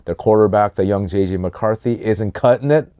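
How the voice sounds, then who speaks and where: A man hosting a casual sports podcast, giving animated hot takes and stretching out names for emphasis. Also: lowish voice, moderate pace, smooth, dry recording. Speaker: podcast host.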